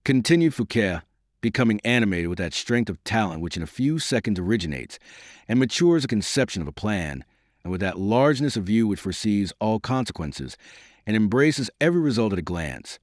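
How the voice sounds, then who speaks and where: A man's voice: on the low side, sing-song, a little fast, no echo, clean studio sound. A man narrating a classic novel as an audiobook, reading dramatically and lifting his voice for quoted speech. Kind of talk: scripted narration.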